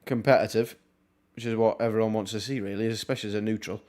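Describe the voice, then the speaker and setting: A young man, casually commentating on a football match live for his stream, with wry asides and quick reactions. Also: fairly low pitch, fairly even intonation, darkish tone. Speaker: watchalong streamer.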